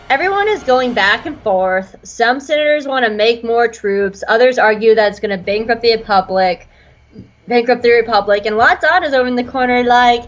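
Chatty young woman, higher voice. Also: expressive, moderate pace. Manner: rambling, lots of "like", laughing. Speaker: podcast co-host. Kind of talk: casual recap chat. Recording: dull lo-fi with faint music.

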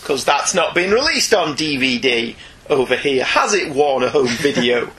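A man's voice: medium pitch, very animated, normal speed, bright, forceful tone. A man co-hosting a casual podcast, reading listener emails aloud and joking often. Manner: jokey, laughs often, reads emails aloud. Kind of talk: casual chat.

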